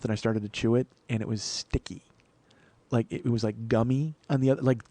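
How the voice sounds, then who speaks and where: A man's voice: medium pitch, darkish tone, dry recording. A man hosting a comedy podcast, telling a story in a profane, ranting monologue. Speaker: podcast host.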